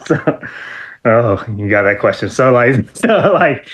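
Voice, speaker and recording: A middle-aged man with an average pitch tells stories as an interview guest. He rambles with fillers and keeps leaping into high, excited outbursts. He laughs often between lines. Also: slow. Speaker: interview guest, former wrestler. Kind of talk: animated storytelling.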